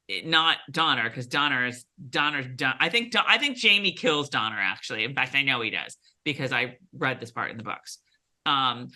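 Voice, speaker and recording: A woman's voice: deep voice, sharp tone. A woman co-hosting a casual TV recap, chatty, with many fillers and restarts. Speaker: podcast co-host.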